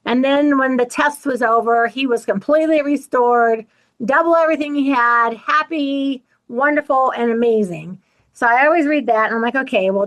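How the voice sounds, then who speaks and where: A middle-aged woman hosting her own channel, talking candidly to viewers and acting out other people's lines in an animated way. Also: on the high side, rough recording. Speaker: channel host. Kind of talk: personal talk to camera.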